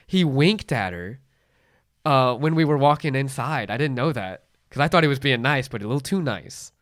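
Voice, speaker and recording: A man's voice: mid-range voice, normal speed, dry recording, studio quality. A man in his late twenties telling a story in casual chat, acting out other people's lines in raised voices. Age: late 20s. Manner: animated storyteller, acts out quotes in raised voices. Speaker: podcast host.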